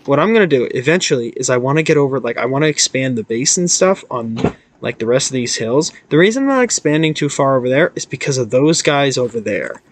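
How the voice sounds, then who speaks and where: A young gaming channel host talks through his game in a casual let's-play, his medium-pitched voice animated and fast. He rambles and goofs around, frequently cutting himself off mid-thought.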